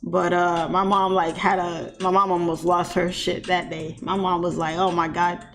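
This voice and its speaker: A woman telling a childhood story to her live-stream chat in a casual, animated way, laughing often and shrieking when she mimics other people. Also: fairly low pitch, moderate pace.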